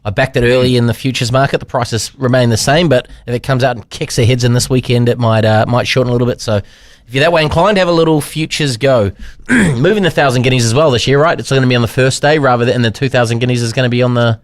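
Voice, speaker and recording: Relaxed New tipster, dry studio. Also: male voice, medium pitch, fast talker, no room sound. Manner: relaxed, gives betting tips. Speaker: podcast co-host. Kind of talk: casual racing tips chat.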